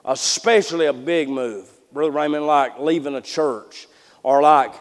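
A male preacher with a notably high voice delivers a folksy sermon, stumbling through repeated "and, and" restarts. He drops to near-whispers and then climbs back to loud, ringing passages. The recording carries the long reverb of a church sanctuary. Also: a little slow. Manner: folksy, repetitive restarts, swings from hushed to loud. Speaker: pastor.

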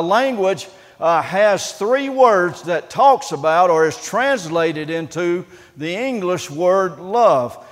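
A pastor preaching a sermon in an earnest, halting way, often pausing on "uh" and restarting his sentences. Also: high voice, in a large hall.

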